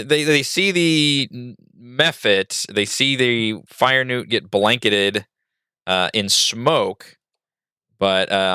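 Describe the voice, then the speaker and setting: A man acting as game master, narrating a tabletop fight over a voice call in a relaxed way, with many fillers. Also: on the low side, clean tone, no echo, studio quality. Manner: relaxed, laughs often, filler-heavy narration.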